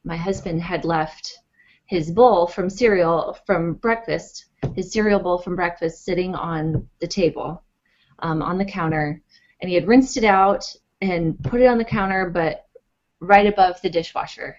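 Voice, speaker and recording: A woman with a voice on the low side talks a little slowly as she tells a personal story in an interview. An author and blogger, she's animated and conversational, with frequent fillers and acted-out quotes, all on dull lo-fi audio.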